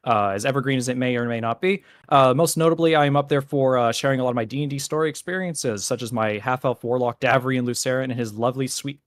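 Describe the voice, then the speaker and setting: Relaxed chatty male stream guest. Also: mid-range voice, no echo. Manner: relaxed, chatty, lots of fillers. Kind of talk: casual live-stream chat.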